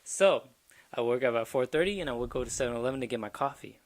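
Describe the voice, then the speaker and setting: A man's voice: medium pitch, expressive, fast. A man co-hosting a podcast, telling a crude comedic story in a rambling, casual way and laughing at his own jokes. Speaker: podcast co-host.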